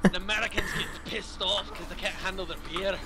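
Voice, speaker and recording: A man's voice: sits high, steady tone, a little fast, heavy background noise, voice pushed down. A man putting on a boisterous, crude Irish man caricature with an Irish accent. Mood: rowdy. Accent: put-on Irish.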